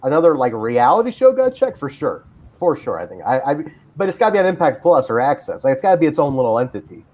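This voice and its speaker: Lively-voiced man hosting a chat show. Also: mid-range voice, fast talker. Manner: rambling, many fillers and restarts. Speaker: podcast host. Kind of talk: casual chat.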